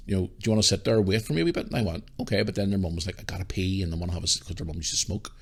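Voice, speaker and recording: A man's voice: low voice, very fast, few pauses. A Northern Irish man hosting a podcast, telling a long anecdote casually and swearing freely. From Northern Ireland. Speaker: podcast host. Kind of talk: casual storytelling.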